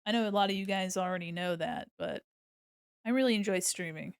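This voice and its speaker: A woman's voice: mid-range voice, fairly quick, clear, resonant tone, no echo, clean studio sound. An American woman streaming her art, chatting casually and giggling as she thinks aloud while she draws. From United States.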